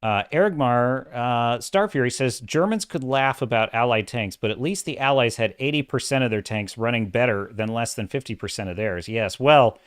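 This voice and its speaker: A man's voice: mid-range voice, moderate pace, few pauses, smooth, no echo, clean studio sound. A middle-aged man hosting a casual livestream, talking animatedly and reading out chat comments. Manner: animated, self-described dramatic, reads chat comments. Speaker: livestream host.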